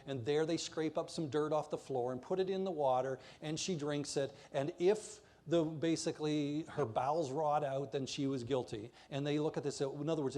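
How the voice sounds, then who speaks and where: A man's voice: on the high side, dark tone. A man preaching a passionate, emphatic sermon in a church while pointing to slides.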